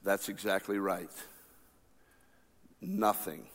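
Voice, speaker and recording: A male pastor preaching a sermon, swinging between loud passionate cries and quiet, slow asides. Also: deep voice, steady tone. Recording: long reverb of a large hall.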